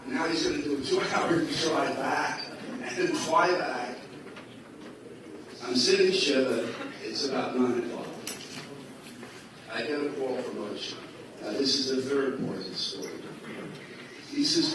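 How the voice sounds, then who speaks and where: At a religious gathering in a large, echoey school hall, a man with a medium-pitched voice and lively intonation tells a long personal story, unhurried and with long pauses. He acts out the characters' dialogue in shifting voices, heard from far off in a very reverberant, noisy recording.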